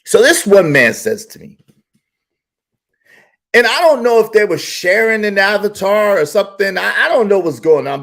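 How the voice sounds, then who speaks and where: A man hosting a casual live stream, telling a story in an animated, slangy style with lots of repetition. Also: sits high, normal speed, creaky. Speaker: YouTube live stream host.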